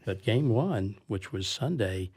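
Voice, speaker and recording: Rambling low-voiced male sports host. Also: animated, a little slow, a little mellow, husky. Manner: rambling, restarts often. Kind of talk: casual sports chat. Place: studio.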